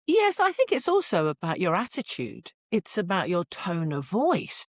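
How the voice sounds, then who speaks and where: A middle-aged British woman, a parenting expert guest on a podcast interview, telling stories in an animated, expressive way and laughing often. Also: on the low side, normal speed, no room sound, studio quality.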